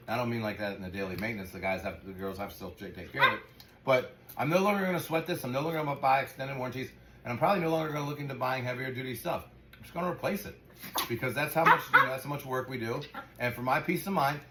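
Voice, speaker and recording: Talking to camera in a casual vlog, a dog sanctuary operator vents his frustration with plenty of cursing. His voice sits at medium pitch with a slightly bright tone, recorded in an echoey room with a little noise.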